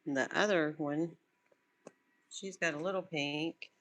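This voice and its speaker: Bright-toned woman coaxing her puppies. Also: low-pitched, unhurried. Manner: soothing, coaxing puppies to calm down. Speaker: puppy breeder filming her litter. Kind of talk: casual talk to puppies and viewers. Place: indoors with a litter of puppies. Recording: noisy room with puppy sounds. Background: puppies yapping and scuffling.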